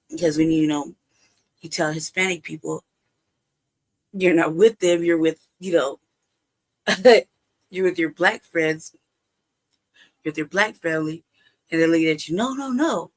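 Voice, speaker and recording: Low-pitched and measured, with long pauses, this livestream host shares a personal story. Her talk is casual and full of profanity, and she frequently laughs and reenacts old exchanges.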